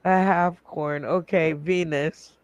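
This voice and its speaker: A man's voice: a little high, fairly even intonation, slow pace, dry recording. A man hosting a casual comedy game show over a video call, laughing often and rambling with fillers.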